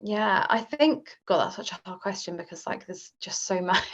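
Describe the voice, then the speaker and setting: A woman speaks as a podcast guest in a relaxed, rambling way, dotting her thoughts with "like" and "um". Her voice sits in a middle register. The recording sounds a bit dull and muffled. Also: mid-range voice, moderate pace. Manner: chatty, leans on fillers like "like" and "um". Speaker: guest author. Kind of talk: casual podcast interview.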